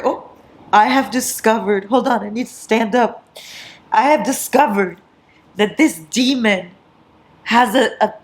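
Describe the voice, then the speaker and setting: A woman vlogging casually through an all-night reading session, giddy and excitable, laughing often and swearing, tired from no sleep. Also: medium pitch. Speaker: book vlogger.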